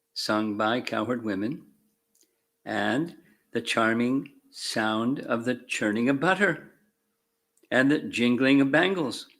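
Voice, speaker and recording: Man, spiritual teacher, scripture reading with commentary, unhurried, fervent emphasis. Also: medium pitch, vocal fry, fairly bright tone. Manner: slow, measured reading with fervent emphasis on key words. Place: temple class room.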